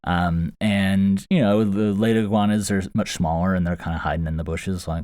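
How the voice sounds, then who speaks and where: Deep-voiced man telling a rambling story. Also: steady tone, normal speed, hardly any pauses, a little mellow, no room sound. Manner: rambling, amused, many fillers and restarts. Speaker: podcast host. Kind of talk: casual storytelling. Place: small foam-lined desktop recording box. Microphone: close studio mic inside the box. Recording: very dry, close booth sound.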